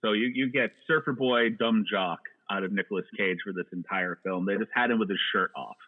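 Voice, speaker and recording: A man with a fairly low voice talks through old movies in a loose, rambling way, full of jokes and restarts. He comes through a narrow, tinny line that sounds like a phone call. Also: a little fast. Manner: rambling, joking movie talk with frequent "uh" restarts. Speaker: podcast guest. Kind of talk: casual chat.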